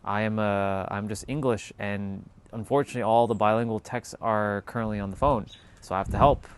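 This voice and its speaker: A man telling a casual, animated story in a monologue, swearing freely and acting out the people in it with quoted voices. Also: fairly low pitch, a little fast, clean tone. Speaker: spiritual talk host.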